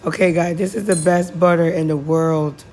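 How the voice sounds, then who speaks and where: A woman with a hoarse, deep, raspy voice, chatting casually through a cooking voice-over while she is losing her voice. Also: fairly even intonation, moderate pace, a little mellow, a little hiss or hum. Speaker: cooking vlogger. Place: home kitchen, voice-over.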